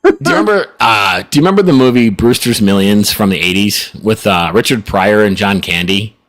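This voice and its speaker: A middle-aged man with a fairly low voice co-hosts a podcast, talking in a loose, rambling way. He circles back on his points and chuckles now and then as he goes. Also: lively intonation, a little fast, a bit bright. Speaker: podcast co-host. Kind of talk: casual chat.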